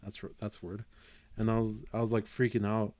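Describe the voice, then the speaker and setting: A man's voice: lowish voice, flat delivery, fairly quick, a little mellow, dry recording. A man co-hosting a podcast in casual chat, talking hesitantly and searching for his words. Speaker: podcast co-host.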